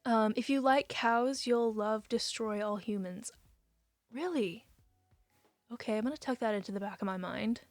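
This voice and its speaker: A young woman streaming live, chatting casually with viewers and reading their messages, emotional and quick to say she will cry. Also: a little high, no echo.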